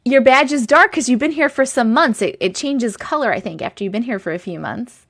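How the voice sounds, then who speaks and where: A woman's voice: on the high side, animated, fairly quick, a bit bright. A woman from Long Island hosting a casual TikTok live chat, greeting viewers by name and catching up with them. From Long Island, New York. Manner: chatty, greets viewers by name with rising lilt.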